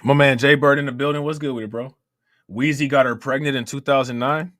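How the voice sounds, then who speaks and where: A man's voice: mid-range voice, steady tone, brisk, a bit bright, no echo, studio quality. A man with an Ohio accent hosting a casual livestream, talking loosely, laughing often and reading out chat messages. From Ohio, USA. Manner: loose, conversational, laughs often, keeps asking "you know what I'm saying".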